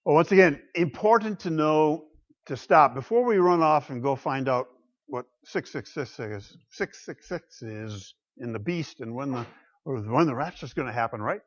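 A man preaching a sermon in a slightly raised voice, his delivery emphatic, with loud bursts of declaration that drop to quiet, confiding asides. The recording is dull and lo-fi, missing its high end. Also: animated, moderate pace. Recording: dull lo-fi sound.

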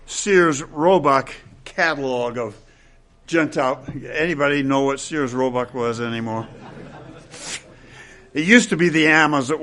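An older man preaching an expository sermon to his congregation, emphatic and quick with wry asides. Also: medium pitch, sharp tone. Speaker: pastor.

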